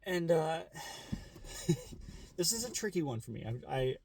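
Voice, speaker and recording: A man's voice: on the high side, big pitch swings, measured pace, a little hiss or hum. A young man musing aloud in a casual vlog monologue, rambling, correcting himself and swearing freely. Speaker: vlogger.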